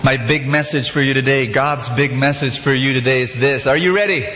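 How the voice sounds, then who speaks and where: A male preacher giving an animated sermon, leading his audience in call-and-response and repeating key phrases. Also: mid-range voice, brisk. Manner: animated, repetitive, prompts audience. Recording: echoey hall, faint noise.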